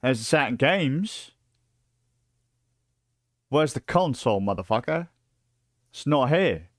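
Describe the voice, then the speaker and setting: A British man in his late thirties rambles through a livestream with swearing, fillers and restarts, excitable as he tells stories. His voice sits at an ordinary middle pitch. The sound is close and dry, with no room around it. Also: takes it slowly, no room sound. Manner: profane, excitable storytelling with many fillers. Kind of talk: casual rambling stream chat.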